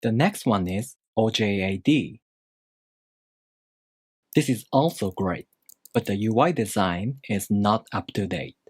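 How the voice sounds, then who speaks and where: Husky-voiced man teaching calmly. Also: lowish voice, slow pace, pauses often, no room sound, clean studio sound. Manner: calm, methodical explanations with spoken examples. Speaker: language teacher. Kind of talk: instructional video lesson.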